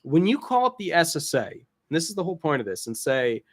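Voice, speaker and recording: A man's voice: a little high, sing-song, fast talker. A man who works as a disability attorney, explaining rules in a casual, rambling way with jokey asides and restarts.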